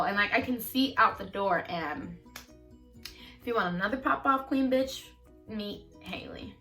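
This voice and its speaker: A woman's voice: fairly high pitch, normal speed, distant mic, soft background music. A teenage girl casually telling a profane storytime, acting out what people said. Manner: animated, profane, acts out quotes loudly. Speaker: storyteller vlogger.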